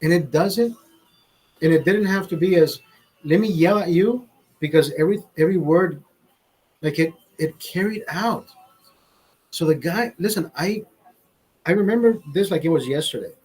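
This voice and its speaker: Husky-voiced man rambling casually. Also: on the high side, normal speed, pauses often, a little mellow, rough recording. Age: adult, father. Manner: profane, restarts often, storytelling. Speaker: show host. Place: studio.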